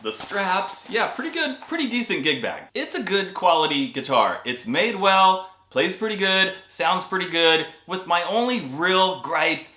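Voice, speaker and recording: A man's voice: high voice, sing-song, unhurried, hardly any pauses, sharp tone, echoey room. A man talking casually to viewers as he reviews an electric guitar and shows its parts. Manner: chatty, addresses viewers as guys, demonstrates on guitar.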